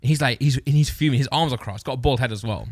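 A man's voice: mid-range voice, rapid-fire, a little mellow, no room sound, studio quality. A man telling a long story in casual chat on a podcast. He rambles, corrects himself and laughs as he goes. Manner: rambling, self-correcting, laughs through his own story.

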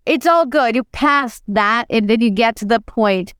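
A woman who is not a native English speaker, co-hosting a podcast and telling stories in an animated, self-deprecating way. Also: a little high, measured pace, clean tone, dry recording, studio quality. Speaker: podcast co-host. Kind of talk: casual podcast conversation.

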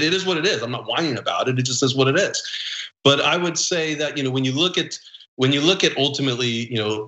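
A man from Los Angeles makes his case in a political debate, steady and measured, leaning on fillers and restarts. His voice is bright and forceful. The recording has a roomy echo. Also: mid-range voice. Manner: measured, leans on "you know" and restarts. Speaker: political strategist guest. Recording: echoey room.

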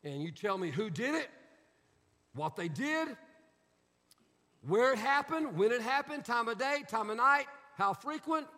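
Middle-aged male preacher, very high bright voice, sarcastic and animated, long church-hall reverb. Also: unhurried, long pauses. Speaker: pastor. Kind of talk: sermon.

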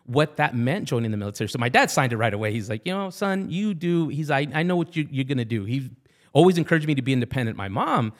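Socal latino guy, 40s, fast and animated, does his parents' voices mid-story. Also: medium pitch. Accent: Southern California Latino English. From Southern California. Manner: animated, acts out family voices, switches into Spanish. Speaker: podcast guest, Army veteran. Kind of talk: casual storytelling interview.

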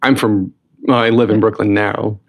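Man, podcast host, gravelly, lowish voice, casual and chatty. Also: steady tone, moderate pace. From North Carolina. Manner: chatty, with frequent restarts. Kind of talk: casual interview chat.

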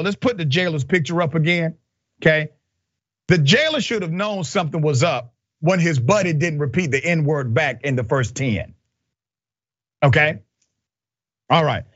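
A man's voice: fairly high pitch, a bit bright, no room sound, lo-fi sound. A man hosting an opinionated news commentary show, emphatic and sarcastic, often checking in with "okay?".

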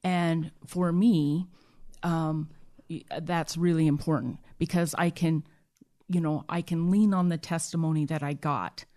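A woman guest recounting a personal story in a halting way, with many restarts and fillers. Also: low-pitched, fairly even intonation, warm tone. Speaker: interview guest.

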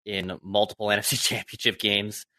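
A man's voice: little pitch movement, moderate pace, sharp tone, dry recording. A man in his late twenties co-hosting a sports talk show, ranting in an exasperated way. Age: 20s. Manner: exasperated, ranting, pitch climbs when worked up. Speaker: sports radio co-host.

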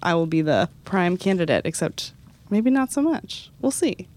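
A woman co-hosts a relaxed podcast, telling stories in a chatty way. Her voice sits a little low, and she laughs easily between her remarks. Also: normal speed. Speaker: podcast co-host. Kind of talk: casual chat.

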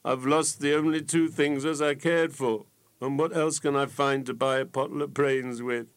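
Storybook fool, young and simple, weepy and pleading, pitched well up, read by a male narrator. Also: big pitch swings, moderate pace. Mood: plaintive. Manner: sobbing, pleading, rustic dialect speech. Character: grieving simple-minded young man, weepy, bewildered.

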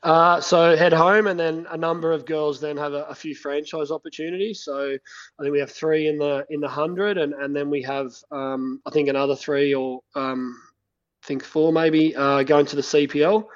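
Man with halting speech on a dull phone line. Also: fairly high pitch, steady tone. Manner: halting, many fillers and restarts. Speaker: head coach of a national women's cricket team. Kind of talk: phone interview.

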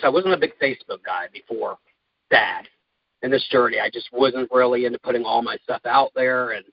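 A man speaking in an interview, talking in a halting, heartfelt way with many fillers. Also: mid-range voice, slightly rough, no room sound, lo-fi sound. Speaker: guest, caregiver. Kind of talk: candid interview talk.

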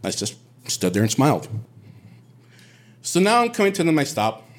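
A man from Puerto Rico telling a personal story on stage, animated and quoting others in lively bursts. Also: on the high side, fairly quick. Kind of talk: live storytelling.

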